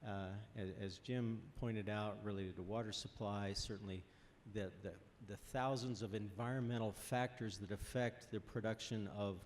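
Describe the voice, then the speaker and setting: A man speaking on a workshop panel, out of breath and halting, with many restarts. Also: on the low side, steady tone, a little hiss or hum. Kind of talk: panel discussion.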